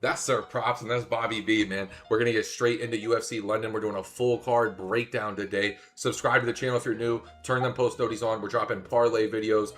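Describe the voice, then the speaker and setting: A man co-hosting a sports betting talk show, excitable, swearing and shouting as he gets hyped. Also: fairly low pitch, a little fast, hardly any pauses, faint music behind. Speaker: podcast co-host, betting analyst.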